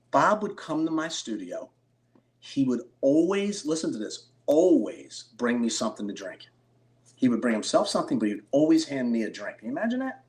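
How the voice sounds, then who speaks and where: Animated middle-aged man telling stories. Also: mid-range voice, moderate pace. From Philadelphia, USA. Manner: animated storyteller, excitable bursts. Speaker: interview guest, card collector. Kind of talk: storytelling interview.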